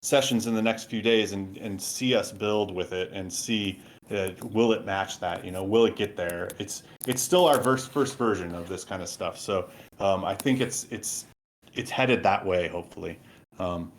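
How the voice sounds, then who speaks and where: A man presenting a technical software overview and answering questions, talking enthusiastically and loosely with plenty of fillers. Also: sits low, moderate pace, a little hiss or hum.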